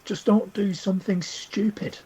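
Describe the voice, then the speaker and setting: A man co-hosting a casual pop culture podcast, speaking bluntly and swearing a lot, with a husky voice. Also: high voice, steady tone, normal speed, mellow. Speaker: podcast co-host.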